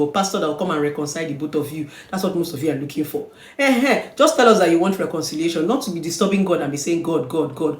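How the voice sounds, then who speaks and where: A Nigerian woman, a relationship therapist, lecturing her online audience with scolding rhetorical questions that swing between loud and quiet. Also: lowish voice. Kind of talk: preaching-style monologue to camera. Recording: echoey room.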